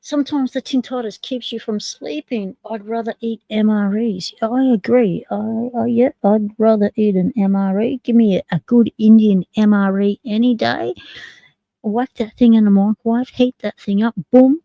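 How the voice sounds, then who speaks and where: A woman's voice: on the high side, fairly even intonation, normal speed, gravelly, dry recording, highs cut off. A woman with an Australian accent, hosting a casual livestream chat in a rambling, jokey way. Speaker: livestream host.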